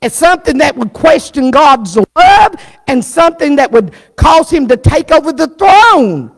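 Woman preacher, slow and emphatic, echoing sanctuary. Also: high-pitched, wildly swooping pitch. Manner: fervent storytelling preacher who acts out the story's characters. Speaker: pastor. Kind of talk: sermon. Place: church. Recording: reverberant church sanctuary.

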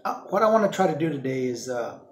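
Rambling man, halting, mouth full. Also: mid-range voice, big pitch swings, echoey room, a little hiss or hum. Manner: rambling, halting, many fillers and repeats; eats and talks with his mouth full. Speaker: vlogger. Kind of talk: casual solo vlog.

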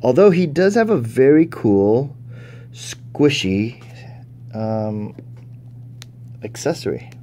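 A man's voice: medium pitch, lively intonation, slow pace, long pauses, dark tone, slight background noise. A man giving casual, chatty toy unboxing commentary, thinking aloud and easily impressed. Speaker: toy reviewer.

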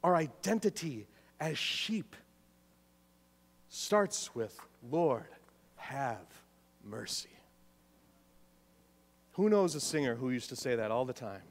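High-voiced pastor in a reverberant church. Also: male voice, expressive, unhurried, pauses often. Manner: emphatic, repeats key phrases, questions the congregation. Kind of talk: sermon. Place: church sanctuary.

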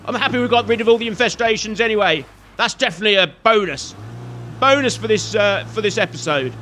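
Man, high bright voice, playful running commentary over gameplay, banters at enemies. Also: lively intonation, fast, slight background noise. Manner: chatty, jokey, scolds enemies on screen. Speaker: gaming video host. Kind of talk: let's play commentary.

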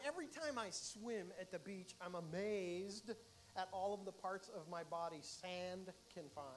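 Middle-aged male stand-up, high-pitched voice, animated storytelling, faint room ambience. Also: background noise. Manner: animated, mock-excited storytelling. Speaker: stand-up comedian. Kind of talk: stand-up comedy set.

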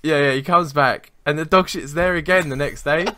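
A man with a fairly high-pitched, brisk, sharp-toned voice co-hosts a podcast. He tells a rambling story about work in casual banter, swearing freely and cracking himself up.

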